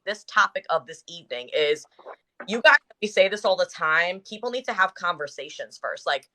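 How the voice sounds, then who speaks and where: A woman's voice: mid-range voice, bright, forceful tone. A woman co-hosting a relationship podcast, giving emphatic, opinionated takes in casual slang. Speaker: podcast co-host.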